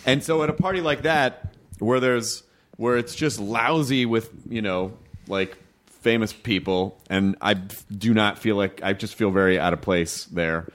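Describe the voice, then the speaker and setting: A man telling a long, rambling story to his podcast co-hosts. He leans into the quoted lines, his pitch leaping up for them before settling back to an easy, conversational tone. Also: unhurried. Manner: animated storyteller, jumps pitch for quoted voices. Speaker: podcast host. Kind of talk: casual chat.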